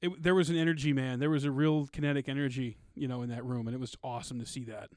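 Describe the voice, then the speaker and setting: A man in casual podcast chat, talking excitedly in slangy, loose phrasing. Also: medium pitch, fast, no echo, studio quality.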